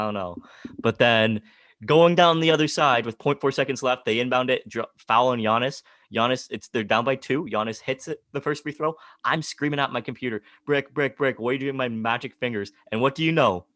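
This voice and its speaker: A man co-hosting a podcast in casual sports chat, excitable, laughing often and retelling his own reactions. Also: medium pitch, normal speed, dry recording, clean studio sound. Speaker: podcast co-host.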